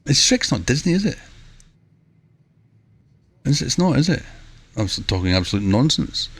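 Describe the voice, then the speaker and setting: A man giving chatty live commentary while streaming a video game, breaking into excitable exclamations. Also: mid-range voice, moderate pace, husky.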